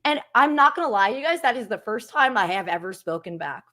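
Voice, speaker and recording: A woman's voice: on the high side, lively intonation, fairly quick, pushed and bright. A woman in her thirties, a guest on a live call-in show, talking in a heated, profane rant. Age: 30s. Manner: fired up, ranting with profanity. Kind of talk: heated live-stream chat.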